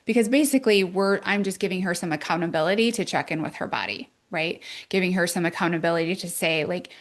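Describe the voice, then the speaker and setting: An earnest woman in her thirties coaching listeners on a solo podcast. Her voice sits a little low, and she keeps checking in with "right?" as she explains things. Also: fast talker. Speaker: wellness coach and podcast host.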